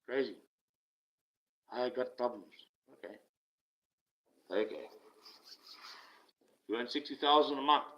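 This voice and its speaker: A man hosting a livestream in a casual rant, profane and sarcastic, swinging from loud outbursts to mutters, on dull lo-fi audio. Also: medium pitch, slow pace, pauses often. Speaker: livestream host.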